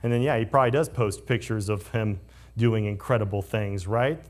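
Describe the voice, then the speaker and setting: A male pastor preaching a conversational sermon, moving between lively storytelling and hushed, solemn passages. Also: lowish voice, moderate pace.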